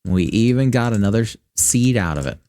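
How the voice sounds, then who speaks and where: A man's voice: fairly low pitch, lively intonation, brisk, warm tone, no room sound. A man from Michigan with a Midwestern American accent, chatting casually and rambling with frequent swearing while streaming a game. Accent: general American Midwestern. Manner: rambling, profane, thinking aloud. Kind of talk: casual gaming stream commentary.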